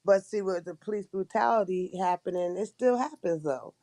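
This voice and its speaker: A woman's voice: medium pitch, moderate pace, dark tone, no room sound. Chatty woman hosting a live chat. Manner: chatty, rambling with restarts. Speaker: livestream host. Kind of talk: casual chat.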